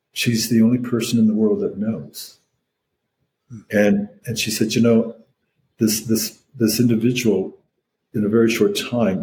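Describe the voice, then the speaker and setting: A man's voice: fairly low pitch, darkish tone, a little hiss or hum, low-quality recording. An older man, a priest, talking reflectively as an interview guest, with many restarts and fillers.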